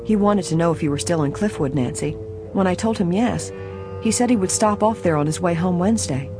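A narrator reading a fretful older housekeeper. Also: female voice, fairly low pitch, brisk, music in the background, close to an everyday voice. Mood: explaining. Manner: fretful, exclaiming.

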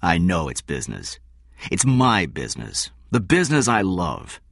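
A man's voice: low-pitched, very animated, normal speed, vocal fry, fairly bright tone, no room sound, full character voice. A man voicing a blunt, principled male shoe executive in his forties, speaking dryly and firmly in a read story. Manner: dry, firm, plain-spoken.

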